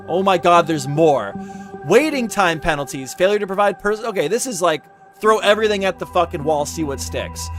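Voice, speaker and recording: Exasperated man reading legal text aloud. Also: fairly high pitch. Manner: exasperated, sarcastic, stumbling over legal wording. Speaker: commentary YouTuber. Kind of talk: casual reaction commentary reading a lawsuit.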